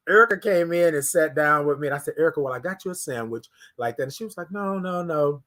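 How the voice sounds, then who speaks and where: A man hosting a casual morning livestream, telling a story with lively quoted voices and repeated words. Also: on the high side, fast talker. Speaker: host.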